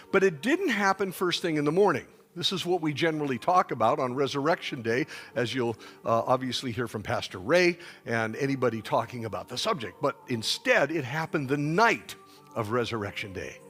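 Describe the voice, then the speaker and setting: A man's voice: on the high side, a bit bright. A male pastor preaching at a church dinner, teaching and leading the people in call-and-response.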